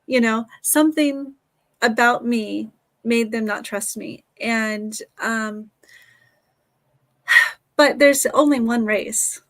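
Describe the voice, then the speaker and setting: A woman's voice: fairly high pitch, slow, long pauses, fairly bright tone. A middle-aged woman, a teacher and author, talking earnestly and reflectively as an interview guest.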